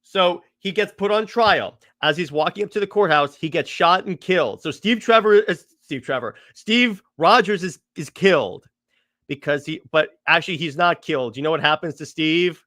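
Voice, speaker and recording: A man co-hosting a podcast, excitedly retelling comic storylines with lots of stammers and restarts, acting out the characters' quotes. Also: fairly high pitch, moderate pace, no echo, clean studio sound. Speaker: podcast co-host. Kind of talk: casual comics chat.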